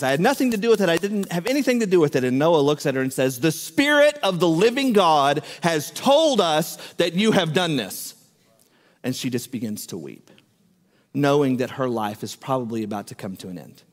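A man's voice: mid-range voice, big-room sound. A man preaching a sermon, telling a story and acting out what each person said. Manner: animated storyteller, acts out quoted speech.

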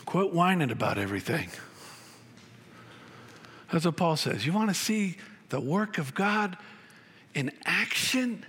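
A man preaching a sermon as pastor, emphatic and repetitive, with wide swings in pitch. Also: animated, unhurried, pauses often, fairly bright tone, a little hiss or hum.

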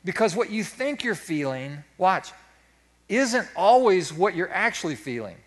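Folksy, higher-pitched man preaching a sermon. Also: sing-song, a little slow. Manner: folksy, self-deprecating, acts out his own inner voice. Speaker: pastor.

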